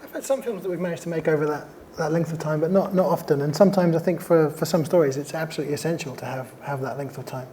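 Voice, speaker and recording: A man on a festival panel who talks at a quick clip in a fairly high, mellow voice. He tells anecdotes eagerly, doubling back on his words as he goes. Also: a little hiss or hum. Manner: rapid, enthusiastic, self-correcting storytelling. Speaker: documentary filmmaker on a panel. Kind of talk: casual panel discussion.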